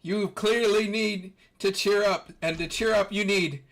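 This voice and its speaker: A man voicing a loud, theatrical, burly male soldier who hugs and flexes. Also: fairly even intonation, measured pace. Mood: boisterous. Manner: booming, theatrical.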